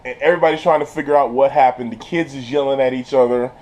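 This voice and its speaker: A man casually recapping a TV episode in an animated, slangy way, laughing often and restarting his sentences. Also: mid-range voice, quick pace. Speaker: channel host reviewing a TV episode.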